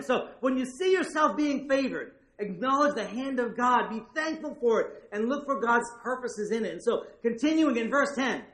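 A man's voice: high voice, fairly bright tone, roomy sound. A male pastor preaching a sermon in a conversational way, with frequent asides and check-ins with his listeners.

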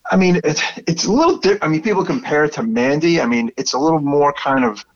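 A man's voice: fairly high pitch, lively intonation, fast talker. Brooklyn man chatting on a muffled recording. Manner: enthusiastic, swears freely, rambling with restarts. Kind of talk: casual chat.

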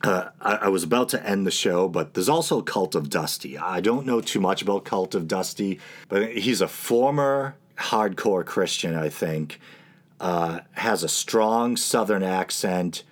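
A man with a New England accent hosts his own podcast alone, his voice sitting very low. He talks in a loose, offhand way, dropping wry asides and pausing on small "uh" fillers as he goes. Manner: casual, wry, with frequent "uh" fillers. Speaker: podcast host. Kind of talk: solo podcast commentary.

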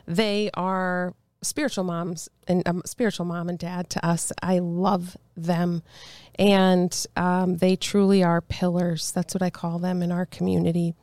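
A woman's voice: lowish voice, a little slow, no room sound. A middle-aged woman, a congressional candidate, telling a personal story of faith in an interview and acting out the voices of the people in it. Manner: animated storyteller, acts out quoted dialogue.

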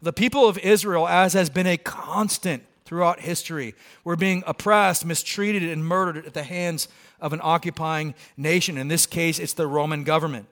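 A man's voice: a little high, normal speed. A male pastor preaching a sermon in a casual, conversational way, acting out the people in the story. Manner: conversational, acts out quoted lines with lively voices.

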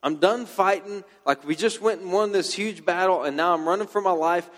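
A man's voice: high-pitched, normal speed, natural voice. A man voicing a despairing, worn-out male prophet in a slangy, defeated way. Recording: long hall reverb.

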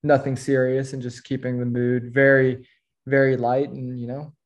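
A man, a podcast guest, recounting his experiences in an easygoing, unhurried way. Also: mid-range voice, little pitch movement, dull audio. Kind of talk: casual interview chat.

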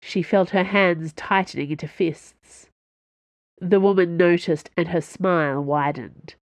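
A woman narrating a science fiction novel in an expressive storytelling voice with dry wit. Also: lowish voice, measured pace, no echo.

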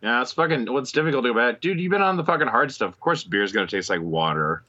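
A man's voice: medium pitch, lively intonation, fast, pushed and bright, muffled recording. A man co-hosting a podcast, stammering through crude, wry stories full of swearing. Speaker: podcast co-host. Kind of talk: crude casual banter.

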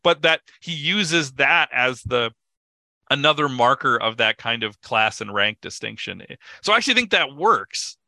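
Man, very bright tense voice, dry recording, podcast co-host, animated, chuckles, filler words. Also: medium pitch, normal speed, creaky, no room sound. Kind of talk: casual film discussion.

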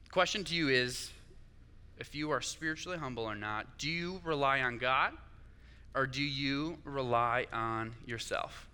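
A man's voice: on the high side, pushed and bright, in a large hall. A young man preaching a sermon, conversational and chatty, often asking his listeners "right?". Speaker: pastor.

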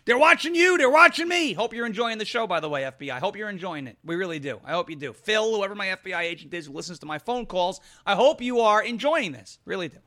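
A man's voice: high voice, sing-song, quick pace, few pauses, bright, forceful tone. A man hosting an opinionated political commentary show, combative and sarcastic, repeating phrases for emphasis.

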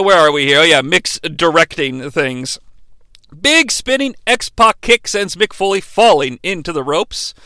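A man's voice: high voice, sharp tone, smooth, no echo. A man hosting a podcast, giving a sarcastic, jokey recap of a wrestling match. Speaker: podcast host.

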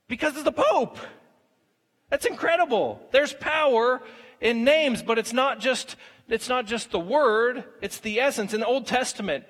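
A man's voice: extremely high pitch, fairly bright tone. A man in his thirties preaching a sermon in a conversational way, acting out little everyday scenes as he goes. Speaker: pastor. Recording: long reverb of a large hall.

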